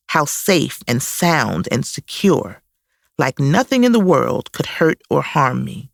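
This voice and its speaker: Woman, memoir reading, slow and reflective, lively pitch, dry close mic. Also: vocal fry, dry recording. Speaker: author reading her memoir. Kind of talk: audiobook memoir narration.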